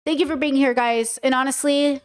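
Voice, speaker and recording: Woman, American accent, livestream host, casual chat, playful, swearing, slightly high voice. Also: steady tone, a little fast. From United States. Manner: playful, swearing, chatty, repeats words for emphasis.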